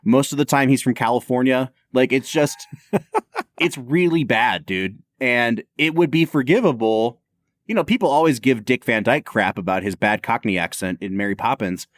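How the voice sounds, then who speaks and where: A man's voice: medium pitch, expressive, moderate pace, dry recording, studio quality. A man co-hosting a podcast, talking about films in a casual, opinionated way and laughing often. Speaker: podcast co-host. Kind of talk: casual film chat.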